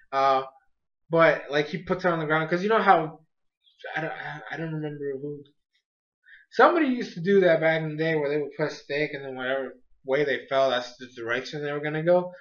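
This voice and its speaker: A young man reviews a cartoon episode in a loose, excitable ramble, full of fillers and quick impressions of the characters. His voice sits high for a man. The recording sounds dull and lo-fi. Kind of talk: casual recap talk.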